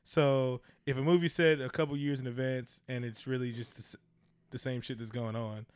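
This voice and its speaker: A man's voice: mid-range voice, steady tone, moderate pace, a little mellow, clean tone, no echo. A man co-hosting a casual podcast, talking loosely and profanely and slipping into mock voices. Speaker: podcast co-host. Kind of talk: casual chat.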